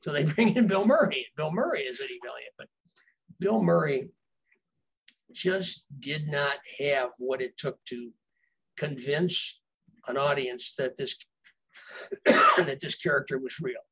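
A man's voice: a little high, lively intonation, a little slow, gravelly, long pauses, a bit bright, slightly rough, poor audio. A man, a novelist guest, telling casual behind-the-scenes stories in a rambling way, with fillers and restarts. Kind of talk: casual storytelling.

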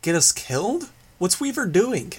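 A man's voice: medium pitch, fairly even intonation, measured pace, natural voice. A man reading an audiobook, voicing a timid young girl with a feeble, earnest way of talking.

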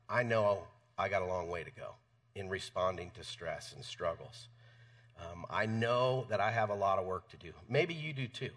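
A man's voice: lowish voice, a bit bright, distant mic. A man preaching a sermon in a church, conversational, stumbling over repeated words. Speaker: pastor. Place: church sanctuary.

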